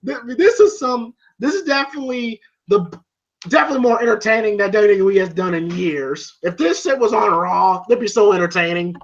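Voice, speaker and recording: A fairly quick, high-pitched man recaps a film scene on a podcast where he co-hosts a review, swearing and laughing along the way. His delivery is animated, with lines acted out in shouts, and the casual, foul-mouthed chat comes through dull lo-fi audio.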